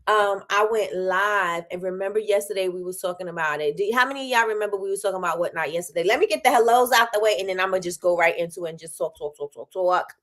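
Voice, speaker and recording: A tired woman hosting a daily live show, chatting casually and animatedly, with sudden high exclamations. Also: quick pace, hardly any pauses, a bit bright. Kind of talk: casual livestream chat.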